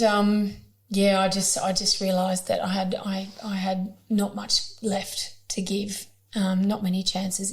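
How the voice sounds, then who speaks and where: An Australian woman speaks as a guest on a conversational podcast. She is candid and raw, her voice sitting at a middle pitch, and she drops in blunt swear words as she talks things through. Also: a little mellow. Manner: frank and emotional, with blunt swearing.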